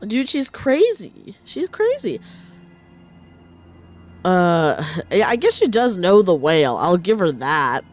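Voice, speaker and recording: A woman's voice: lowish voice, big pitch swings, slow pace, faint music behind. A woman streamer giving casual live-stream commentary, chatty and sarcastic, with frequent exclamations.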